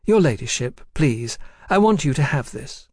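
A man's voice: big pitch swings, normal speed, a little mellow, breathy edge, no echo, studio quality. A man voicing a flighty, forward Englishwoman living abroad, coaxing and pleading. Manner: coaxing, pleading, high-strung.

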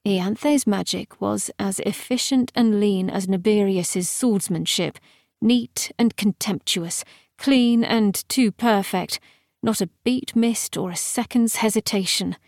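A woman narrating a fantasy audiobook in a measured, even storytelling manner, close to the mic. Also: mid-range voice, vocal fry, dry recording.

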